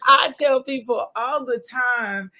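A woman's voice: high voice, slow pace, pushed and bright, a little hiss or hum. A woman hosting a faith conversation, talking emphatically and repeating phrases like a preacher. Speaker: host and ministry leader. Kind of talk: casual faith podcast conversation.

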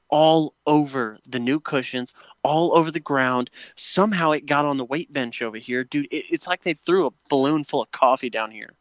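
Man, casual chat, swears a lot, ranting storyteller, mid pitch, dry close mic. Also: dry recording. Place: home patio.

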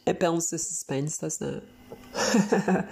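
A woman tells a story in a loose, rambling way, full of fillers and quick laughs. Her voice sits a little low and has a gravelly, creaky edge. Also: darkish tone, slight background noise. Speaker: podcast host. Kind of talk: casual spoken storytelling.

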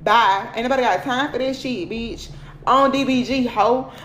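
A woman's voice: fairly high pitch, moderate pace, fairly bright tone, a little hiss or hum. Blunt cussing woman, echoey room. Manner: blunt, cussing, repeats "period" and "okay". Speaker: motivational livestream host. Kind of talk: casual profane motivational talk.

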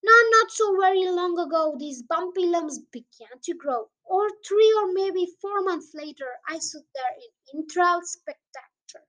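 A woman's voice: very high voice, lively intonation, a little slow, hardly any pauses, fairly bright tone, poor audio. A young girl hosting her own podcast, reading a children's poem aloud in an eager, sing-song way. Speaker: podcast host and reader.

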